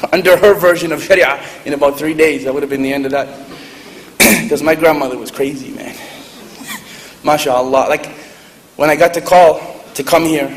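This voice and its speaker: High-voiced joking male speaker in a hall. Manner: joking, lively, laughs at own stories. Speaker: speaker at a public event. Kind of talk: humorous storytelling talk. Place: large hall with audience. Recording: echoey hall, faint noise.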